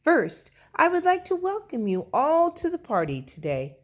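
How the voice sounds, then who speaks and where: A woman's voice: sits high, huge pitch swings, unhurried, voice pushed up, heavily acted. A woman reading a children's storybook, voicing a polite, formal father making an announcement.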